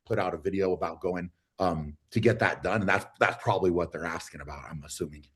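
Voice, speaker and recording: A man chatting casually as a livestream guest, relaxed and halting, with many fillers and restarts. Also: low voice. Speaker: guest athlete.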